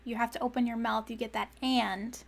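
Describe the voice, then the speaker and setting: A woman's voice: a little high, fairly even intonation, fairly quick, vocal fry, background noise. A young woman streaming live, thinking aloud as she writes song lyrics, repeating phrases and trailing off as she searches for words. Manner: often laughs and trails off mid-thought. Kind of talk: casual live-stream chat.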